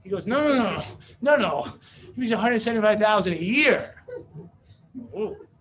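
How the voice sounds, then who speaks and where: A man giving a motivational business seminar talk, brash and joking, telling rapid-fire stories to a room. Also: high-pitched, expressive, fairly bright tone, a little hiss or hum. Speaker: business opportunity speaker.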